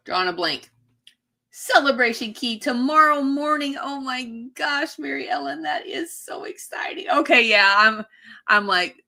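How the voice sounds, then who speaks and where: A woman's voice: fairly high pitch, lively intonation, a little slow, bright, forceful tone. A woman hosting a casual livestream, chatting bubbly with viewers and reading their comments. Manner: bubbly, chatty, laughs often. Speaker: livestream host.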